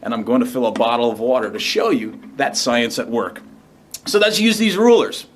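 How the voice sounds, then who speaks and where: A man's voice: medium pitch, expressive, moderate pace. A man hosting a science demonstration show, explaining step by step with enthusiasm. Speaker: science demo host. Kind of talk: upbeat educational demonstration.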